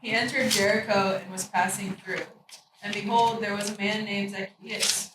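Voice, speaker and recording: A woman in a study group reading scripture aloud at a steady pace. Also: mid-range voice, normal speed. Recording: echoey room mic from far off. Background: room ambience noise.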